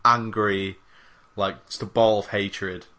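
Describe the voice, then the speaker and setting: A man's voice: lowish voice, little pitch movement, slow, bright, forceful tone. A young man on a gaming podcast, rambling through a casual chat with lots of fillers. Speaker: podcast co-host.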